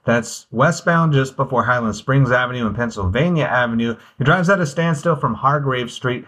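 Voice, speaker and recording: A man giving a radio traffic report in a brisk, practiced broadcast manner. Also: medium pitch, a bit bright. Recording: radio broadcast with faint music bed.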